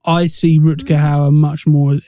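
A man with a fairly high but mellow voice, co-hosting a casual film podcast. He speaks in a measured, hesitant way and often restarts his sentences. The sound is dry and close. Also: little pitch movement, no echo. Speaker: podcast co-host.

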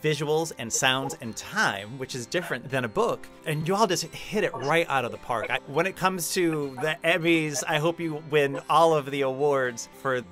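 A male podcast host with a slightly raised pitch heaps praise on his guest. He talks in an effusive, playful way, teasing her with good humor. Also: normal speed, hardly any pauses, a bit bright, soft background music. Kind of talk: casual interview chat.

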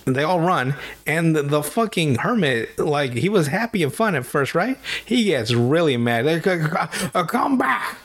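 A man with a slightly raised voice hosting a loose, casual podcast. He recounts a story with plenty of swearing and jumps into quick impressions of the people in it. His delivery is lively and chatty. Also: a little high. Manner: animated, profane storyteller with voices and laughs. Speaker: podcast host. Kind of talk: casual chat, retelling a cartoon plot.

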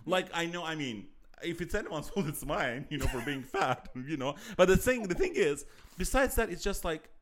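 A man's voice: fairly high pitch, moderate pace. A man from Azerbaijan, a comedian, telling stories in casual podcast chat and laughing often. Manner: laughs often, animated storytelling. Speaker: comedian guest.

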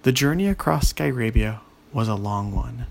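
Gravelly male children's storyteller. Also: medium pitch, normal speed.

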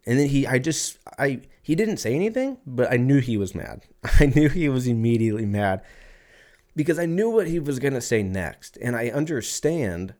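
A man's voice: medium pitch, lively intonation, normal speed, warm tone. A man hosting a podcast, telling a rambling, profane story in a casual way and acting out other people's lines. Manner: profane, rambling, acts out voices in anecdotes. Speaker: podcast host.

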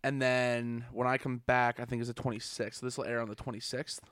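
A man's voice: mid-range voice, little pitch movement, a little fast, a bit bright, a little hiss or hum. A young man hosting a podcast, chatting casually in a rambling, jokey way and laughing at his own jokes. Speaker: podcast host. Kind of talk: casual chat.

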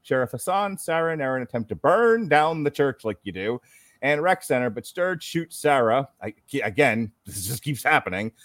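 A podcast host reads through a story recap in a casual, wry way, dropping sarcastic comments as he goes. His voice sits at an ordinary middle pitch. The sound is dry and close, with no room around it. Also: dry recording. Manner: wry, sarcastic, laughs while reading. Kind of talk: reading a plot recap with casual asides.

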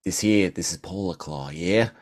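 A man voicing a brash male polar bear with a put-on Australian accent, gruff and slangy. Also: low-pitched, moderate pace, voice pushed down, close to an everyday voice. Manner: gruff, slangy, says mate.

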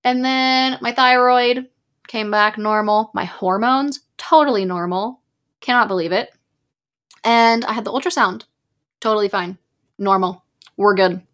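A woman in her twenties chats casually as a podcast host, her voice sitting a little higher than most. She talks frankly and with emphasis, scatters "like" through her sentences, and drops a curse when something riles her. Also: a little slow, a bit bright. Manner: many "like" fillers. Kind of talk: casual chat.

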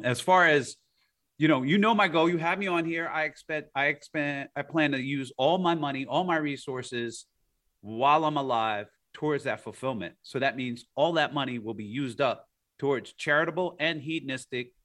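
A man as an interview guest, telling stories in a rambling, animated way with frequent laughs and fillers. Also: mid-range voice. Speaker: guest, art collector. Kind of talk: casual interview storytelling.

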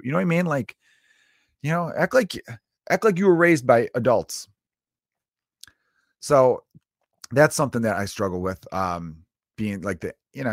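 Low-voiced man rambling, profane and casual. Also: dry recording, clean studio sound. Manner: rambling and profane, with frequent fillers. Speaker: stand-up comedian. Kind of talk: casual solo podcast monologue.

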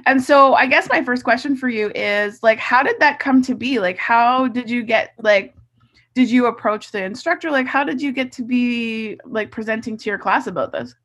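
A woman from Canada hosting a podcast over a video call, with a high voice. She is animated and chatty, laughing freely and often stopping to restart a sentence. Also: moderate pace. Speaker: podcast host. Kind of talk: casual interview chat.

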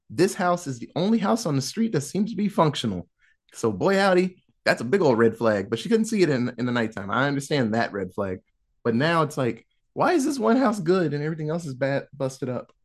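A man's voice: mid-range voice, a little fast. A man casually retelling a film's plot, acting out the characters' lines as he goes. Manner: animated storyteller who acts out quotes. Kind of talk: casual film recap storytelling.

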